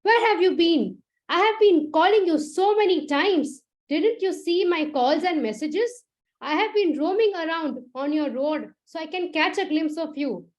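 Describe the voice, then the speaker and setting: A forceful young man shouting his questions in a storytelling performance, high-pitched and scolding, played by a woman narrator. He sounds fed up and demanding. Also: sing-song, normal speed, few pauses. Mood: furious. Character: angry young man, a forceful music teacher.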